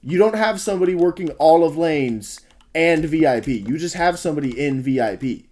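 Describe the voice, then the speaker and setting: Young guy ranting about his server job, swears a ton, pitch jumping all over, keyboard clacking in the background. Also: a little fast. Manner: animated, frustrated ranting with frequent swearing; mutters asides to himself while building in a game. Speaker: restaurant server telling a work story. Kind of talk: casual storytime vlog.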